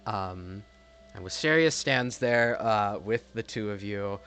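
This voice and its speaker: A man's voice: on the low side, slow pace, a bit bright, clear, resonant tone. Casual male game master. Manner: casual, rambling with fillers. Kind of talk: narrating a tabletop game.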